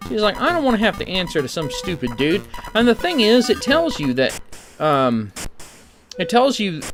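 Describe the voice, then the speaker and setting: A man streaming a retro computer game, talking it through in a casual, rambling way. His pitch moves around a lot, sitting a little high for a man, and he drops dry, sarcastic asides. Music plays clearly behind him. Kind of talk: casual gameplay commentary.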